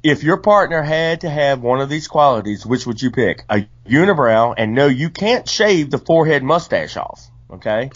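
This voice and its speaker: A man's voice: medium pitch, lively intonation, moderate pace, hardly any pauses. Man, podcast co-host, laid-back, casual chat, dull lo-fi audio. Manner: laid-back, laughing easily.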